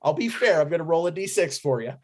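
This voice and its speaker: A game master narrating a tabletop game, describing scenes with many pauses and fillers. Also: medium pitch, expressive, darkish tone, a little hiss or hum.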